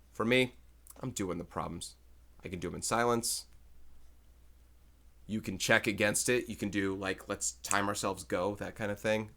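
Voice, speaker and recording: A male math teacher talks his way through algebra problems for a recorded lesson. He chats casually and thinks aloud as he goes. His voice sits fairly low but sounds bright and forceful. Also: vocal fry. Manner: chatty, thinks aloud while solving problems.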